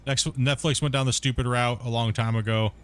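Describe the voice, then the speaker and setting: Blunt streamer guy rambling on, mid pitch, bit of hiss behind him. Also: fairly even intonation, fairly quick, fairly bright tone. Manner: rambling, blunt, swears when annoyed. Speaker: gaming streamer. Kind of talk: casual chat.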